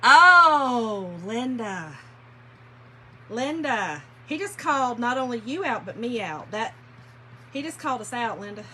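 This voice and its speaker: Fairly high and a bit bright, her voice swings widely in pitch, and she talks unhurriedly with long pauses; the recording is low quality. She hosts a casual livestream, painting furniture while telling stories, laughing, and speaking to viewers as "y'all." Sanding and rubbing noises from the workshop are audible.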